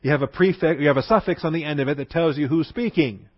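A man teaching a Bible lesson in a conversational way, repeating phrases for emphasis and slowing down to spell out words. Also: a little high, husky, no echo. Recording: dull, dry lo-fi recording.

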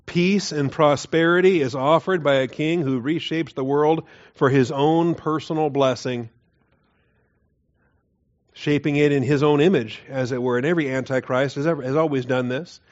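A man's voice: a little high, fairly even intonation, moderate pace. Earnest male Bible teacher, lo-fi sound. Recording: dull lo-fi recording.

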